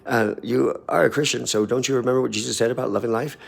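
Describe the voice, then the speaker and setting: A man's voice: mid-range voice, steady tone, fast, vocal fry, voice pushed up. A taunting angel stranger, as a man puts him on. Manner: taunting, needling questions.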